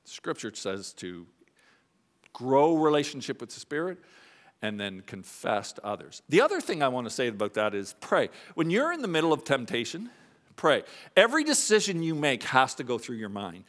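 Animated preaching man, lively pitch. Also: moderate pace. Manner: animated preaching, swings between soft confessional lows and raised emphatic highs. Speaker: pastor. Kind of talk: sermon. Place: church sanctuary.

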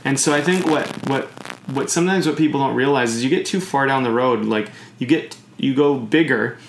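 A man's voice: medium pitch, a little fast, gravelly, background noise. Brief: easygoing man, talky and meandering, in a room with noticeable echo. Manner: rambling, uses sailing comparisons, many fillers. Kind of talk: casual podcast chat.

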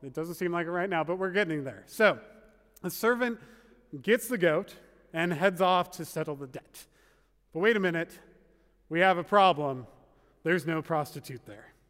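Wry pastor with a high voice. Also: male voice, moderate pace, pauses often, a bit bright. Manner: conversational and wry, with asides. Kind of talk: sermon. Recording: long reverb of a large hall.

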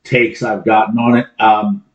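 A man's voice: lowish voice, level tone, measured pace. A man co-hosting a podcast, swearing freely with emphatic outbursts. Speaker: podcast co-host. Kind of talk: crude casual banter. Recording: dull lo-fi sound.

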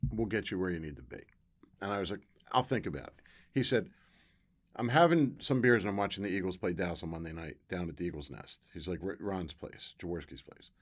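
Relaxed in an interview, a middle-aged man who used to play football tells a long personal story in a low voice. He takes on the voices of the people he quotes, and his pitch leaps upward when excitement hits.

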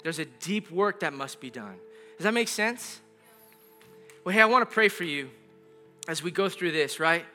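A man's voice: a little high, expressive, normal speed, pauses often, bright, forceful tone, faint music behind. A middle-aged male pastor giving an earnest, conversational sermon, often repeating his phrases.

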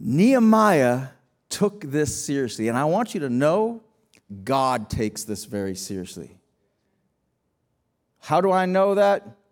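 A man's voice: fairly high pitch, sing-song, takes it slowly, pauses often. A man preaching a sermon as pastor, emphatic, asking rhetorical questions and often restarting his phrases.

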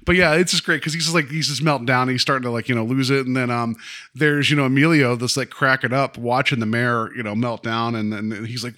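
A man's voice: medium pitch, brisk, sharp tone. A man hosting a casual chat, rambling animatedly through a retelling and laughing often. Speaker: podcast host.

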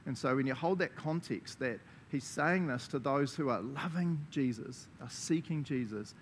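A man with a New Zealand accent preaching a lively sermon to a congregation, laughing often and acting out the voices he quotes. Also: mid-range voice, normal speed, a little hiss or hum.

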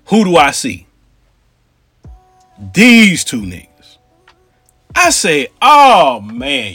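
Animated husky man telling a story. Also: fairly high pitch, dry recording. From Cincinnati. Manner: animated, street slang, asides to the audience. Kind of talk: casual storytelling.

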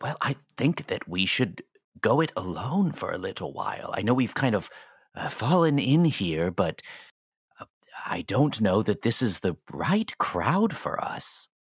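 Sly older ex-teacher, lowered voice, unhurried and swooping, voiced by a man. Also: very animated, husky, no room sound, studio quality, heavily acted. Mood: scheming. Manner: conspiratorial, hushed, hesitant. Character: scheming older male former teacher. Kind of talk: actual-play roleplay.

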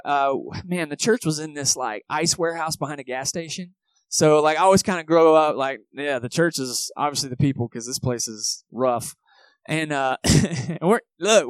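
Casual, conversational pastor preaching a sermon. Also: male voice, fairly high pitch, no echo, low-quality recording. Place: movie theater used as church venue.

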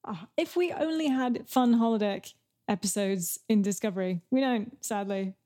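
Mellow-voiced woman chiming in. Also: mid-range voice, normal speed. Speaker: podcast co-host. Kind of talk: casual chat.

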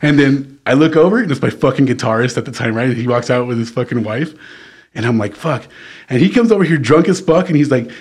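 A man in mid-range pitch tells a rowdy story on a casual podcast, swearing freely and checking in with "right?" after nearly every beat. His delivery is loose and animated, like one friend talking to another. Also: fast talker, slightly rough. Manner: profane, animated storyteller, keeps asking "right?". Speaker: podcast co-host; former band vocalist.

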